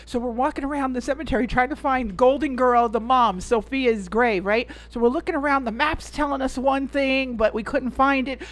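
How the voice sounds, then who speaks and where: A woman's voice: sits high, normal speed, few pauses. A woman co-hosting a podcast, chatting casually and telling stories with lots of laughs and fillers. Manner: giggly, storytelling, many fillers. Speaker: podcast co-host. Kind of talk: casual chat.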